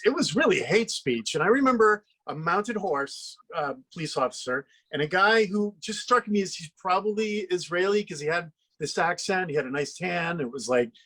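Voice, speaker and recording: A man's voice: high voice, fairly bright tone. A middle-aged man guest on a talk panel, telling earnest anecdotes and opinions.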